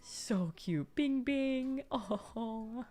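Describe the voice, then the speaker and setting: A young woman hosts a live stream, reading viewers' messages and reacting to each one with gushing excitement. Her voice leaps up and down constantly, sliding from soft murmurs to sudden bright squeals. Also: on the high side, drawn-out words, faint music behind. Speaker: livestream host.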